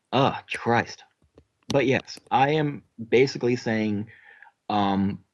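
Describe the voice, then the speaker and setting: A man's voice: on the low side, muffled recording. A man playing a tabletop role-playing game, chatting casually and swearing. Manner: casual, swears, laughs at own accent slips. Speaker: player. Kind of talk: tabletop role-play chat.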